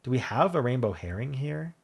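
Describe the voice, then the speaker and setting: A man's voice: medium pitch, big pitch swings, a little fast, creaky, husky. A man hosting a puzzle video, thinking aloud in a casual, unsure way as he works through a word game. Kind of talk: casual solo puzzle commentary.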